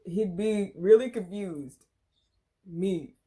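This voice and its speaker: A woman's voice: medium pitch, slow pace, mellow. A young woman casually reading fan fiction aloud with a friend, stumbling over the text, swearing and breaking into laughter.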